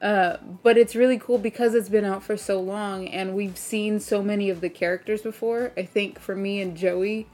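A woman co-hosting an anime podcast in casual chat, chatty and quick to laugh, telling stories with quoted voices. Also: medium pitch, steady tone, a little mellow, faint music behind. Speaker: podcast co-host.

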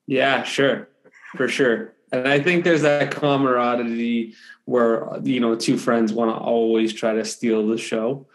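A young adult man, a wrestler, chatting as a guest in a relaxed, easygoing way. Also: medium pitch, a little slow. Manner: relaxed, easygoing, says "for sure" often. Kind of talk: casual interview chat.

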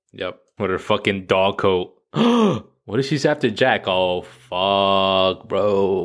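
Brief: male podcast host, crude and profane comic monologue, lower pitch, forceful. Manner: crude, profane, laughing at own jokes. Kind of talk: casual comedic monologue.

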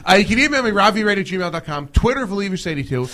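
A high-pitched, hugely animated man hosts a podcast in loose studio banter. His voice is bright and forceful as he rants and jokes at speed. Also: rapid-fire. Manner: excitable, ranting, jokey. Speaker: podcast host.

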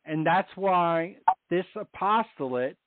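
A man's voice: high-pitched, animated, takes it slowly, dry recording. A middle-aged man on a Catholic radio show, sharing his story and teaching on faith in an earnest way, repeating phrases for emphasis. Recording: tinny phone line.

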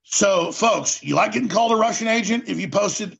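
Gravelly, husky man ranting. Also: sits high, brisk, fairly bright tone, lo-fi sound. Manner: ranting, repeats words for emphasis. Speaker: talk show host. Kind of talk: impassioned political monologue.

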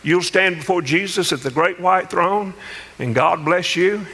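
A man preaching in a church, his voice high and bright as it rings through a long, echoing hall. He spins folksy stories and drives them home with emphatic preaching. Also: a little slow, slightly rough. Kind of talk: sermon.

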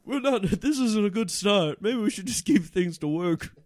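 A man's voice: high voice, animated, moderate pace, a little mellow, dry recording. A man playing Harold, an awkward dad who stammers and fumbles to please, in an improvised comedy scene. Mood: flustered. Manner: flustered, stammering. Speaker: comedy podcast host.

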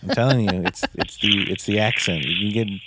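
A man co-hosting a podcast, chatting loosely about a film, swearing often and dropping into quick impressions. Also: fairly low pitch, a little hiss or hum. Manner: animated, swearing, slips into impressions. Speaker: podcast co-host. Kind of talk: casual film discussion.

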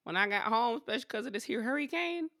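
A woman's voice: on the high side, expressive, quick pace, sharp tone, dry recording, clean studio sound. A woman co-hosting a casual chat with friends, blunt and profane, teasing with affection.

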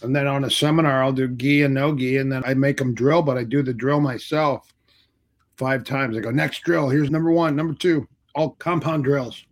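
A middle-aged man, a martial arts instructor, is a guest in a casual interview, telling old stories at normal speed. With an ordinary mid-pitched voice, he's an animated storyteller who slips into the voices of those he quotes.

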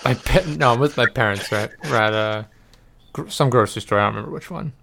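A man's voice: medium pitch, fast, gravelly, slight background noise. A man with a mid-range voice tells stories with animation, acting out the people in them. He keeps it conversational among friends. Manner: animated storyteller who acts out voices in anecdotes. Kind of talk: casual chat.

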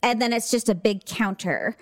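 A middle-aged woman co-hosting a podcast tells a story in casual chat, animatedly acting out the quoted dialogue. Her voice is a little high at a moderate pace, recorded clean and dry in a studio.

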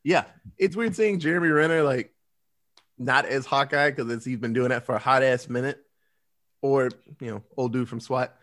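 A man in casual movie review chat, profane and animated, acting out scenes as he talks. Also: mid-range voice, normal speed.

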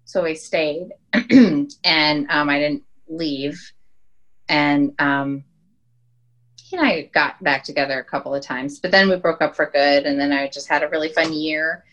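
Chatty woman with a low voice. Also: steady tone, measured pace, fairly bright tone, lo-fi sound. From Wyoming. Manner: chatty storyteller, many "like" and "um" fillers. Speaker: podcast guest. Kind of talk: casual chat.

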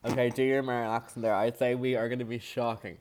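A man's voice: medium pitch, flat delivery, fast talker, a little mellow. A man with an Irish accent co-hosting a podcast, teasing his partner bluntly in casual chat. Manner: teasing, blunt, laughs often. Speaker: podcast co-host.

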